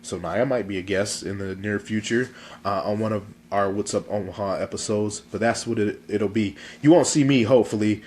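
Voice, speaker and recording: Stuffed-up guy, lowish voice, goofy rambly vlog chat into his phone. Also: normal speed, darkish tone, a little hiss or hum. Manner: chatty, goofy, rambling with fillers. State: congested, sore throat. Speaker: vlog host. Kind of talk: casual talk to camera.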